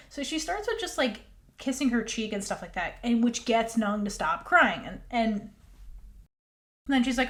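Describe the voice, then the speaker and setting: A woman co-hosting a casual recap chat, animated and acting out character lines. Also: fairly high pitch, moderate pace. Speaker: podcast co-host.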